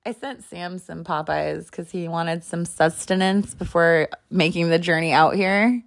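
A young woman co-hosting a podcast tells stories in a loose, profane, animated way, laughing often during the casual chat. Her voice is lowish and unhurried, with vocal fry.

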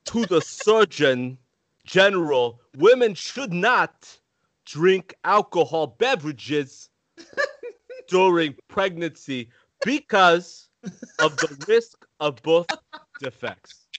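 A man doing a slow, choppy impression of a famous actor while reading a warning label as a joke. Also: sits high, very animated, no room sound, exaggerated voice. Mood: mock-serious. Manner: slow, choppy delivery with odd breaks.

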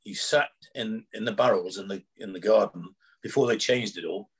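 A man's voice: on the low side, moderate pace, slightly rough. A man, a former prison officer, telling rambling anecdotes in casual chat, acting out quoted dialogue with chuckles.

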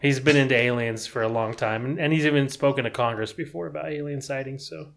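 A man's voice: mid-range voice, quick pace, gravelly, fairly bright tone. A man co-hosting a podcast, chatting casually and rambling with lots of fillers and restarts. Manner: rambling, hesitant with many fillers. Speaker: podcast co-host. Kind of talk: casual chat.

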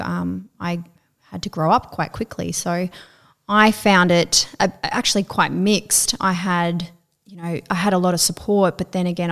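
A woman talks about her navy years in a casual interview. Her voice sits a little low, and she speaks hesitantly, leaning on "you know" and "like" as she searches for words. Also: gravelly. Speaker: guest, navy veteran.

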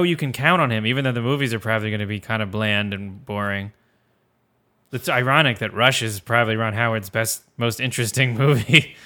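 Bright-voiced man chatting casually about movies. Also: mid-range voice. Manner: rambling, self-correcting, laughs often. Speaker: podcast co-host.

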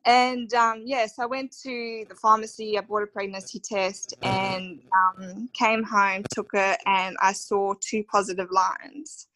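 A woman's voice: mid-range voice, little pitch movement, a little slow, few pauses, fairly bright tone, a little hiss or hum, poor audio. A woman in her thirties with an Australian accent, telling her personal story as a podcast guest in a heartfelt, emotional way with many fillers. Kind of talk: conversational storytelling interview.

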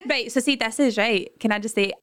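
A woman's voice: fairly high pitch, a little fast, fairly bright tone, no echo, studio quality. A woman in her thirties with a Glaswegian Scottish accent, chatting and telling stories as a podcast co-host. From Scotland. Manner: chatty, laughing, storytelling. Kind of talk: casual chat.

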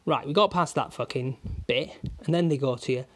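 A man's voice: mid-range voice, brisk. A man delivering an angry, constantly swearing comic rant, stringing insults together. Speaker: vlogger.

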